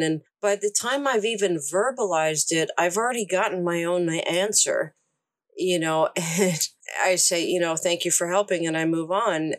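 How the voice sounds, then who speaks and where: A woman co-hosting a podcast, talking in a reflective, measured way. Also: fairly low pitch, no echo. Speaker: podcast co-host. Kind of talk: casual podcast chat.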